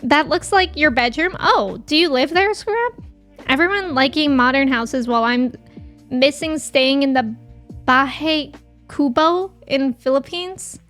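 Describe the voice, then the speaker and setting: A woman's voice: high-pitched, lively intonation, measured pace, fairly bright tone, soft background music. A woman streamer in casual chat with her live viewers, reading their messages aloud and laughing often.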